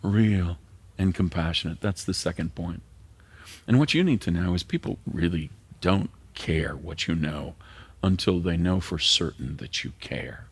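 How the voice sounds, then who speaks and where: Middle-aged pastor preaching, earnest, gravelly low voice, kinda husky. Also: male voice, measured pace, dry recording. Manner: earnest, drops to a near whisper at tender moments. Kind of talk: sermon.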